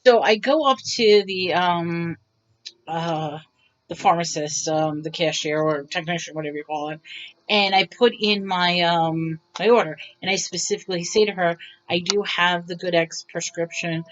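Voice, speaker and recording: A woman's voice: on the low side, normal speed, slight background noise. Rambling woman vlogger, lo-fi sound. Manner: rambling, animated, acts out quotes. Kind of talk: casual storytelling. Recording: dull lo-fi sound.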